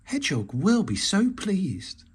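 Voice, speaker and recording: Man doing a timid, squeaky little mouse. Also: huge pitch swings, unhurried, slightly rough, full character voice. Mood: giggly. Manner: squeaky and sniffly.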